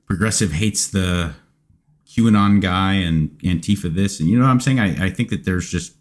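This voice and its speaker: Male host, fairly low voice, casual opinionated chat. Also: normal speed. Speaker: podcast host. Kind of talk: casual conversation.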